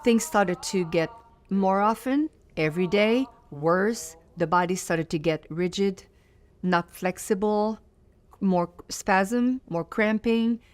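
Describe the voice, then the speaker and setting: A woman's voice: mid-range voice, slow. A woman in her fifties, a native French speaker, answering in a sit-down interview as a singer, earnest and reflective, repeating phrases for emphasis. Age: 50s.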